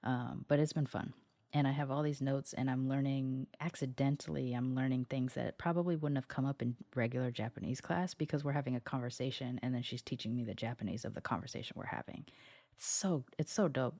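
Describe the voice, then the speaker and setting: Solo podcast host, scratchy morning voice, mid pitch, chatty and meandering, dry close sound. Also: a little fast, vocal fry, dark tone, no room sound. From United States. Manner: chatty and meandering, often circling back mid-sentence. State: scratchy voice from just waking up. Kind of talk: casual solo podcast monologue.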